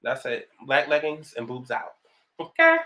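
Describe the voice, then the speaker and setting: Woman, around 30, New York accent, sassy, profane, chatty, makeup vlog, bright tone. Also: low-pitched, wildly swooping pitch, measured pace. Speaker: vlogger. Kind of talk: get-ready-with-me casual chat.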